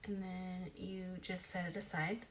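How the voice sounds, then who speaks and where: A woman's voice: fairly low pitch, level tone, measured pace, slight background noise. Chatty woman giving a lash tutorial. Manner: chatty, loose, full of "like" and "um". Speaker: beauty vlogger. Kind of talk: casual makeup tutorial.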